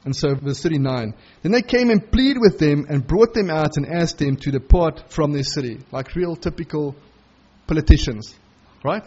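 A man preaching a sermon verse by verse, animated and acting out the characters' lines in quick asides. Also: a little high, breathy edge, muffled recording. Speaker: pastor. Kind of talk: expository sermon on a Bible passage.

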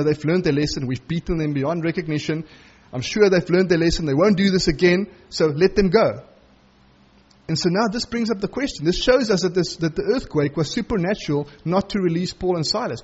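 A man preaches verse by verse, animated and full of quick acted-out asides. His voice sits high for a man and has a husky edge. The recording sounds a little dull and muffled. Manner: animated, acts out the characters' lines in quick asides. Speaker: pastor. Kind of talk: expository sermon on a Bible passage.

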